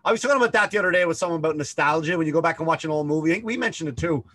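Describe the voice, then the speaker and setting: A man's voice: fairly high pitch, very fast, a bit bright. A man co-hosting a casual podcast over a video call, ranting and swearing, slipping into mocking impressions. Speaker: podcast co-host. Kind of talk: casual chat. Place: remote call over Zoom.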